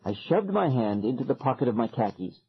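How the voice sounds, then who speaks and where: Man, horror audiobook narrator, first person, dramatic, raspy, muffled lo-fi audio. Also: medium pitch, fairly quick. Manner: dramatic, expressive.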